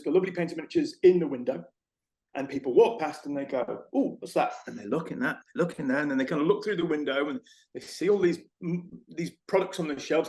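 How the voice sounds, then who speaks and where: A middle-aged man, a guest in an interview, telling animated stories and acting out shop conversations. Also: a little high. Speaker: interview guest, former retail manager. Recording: echoey room.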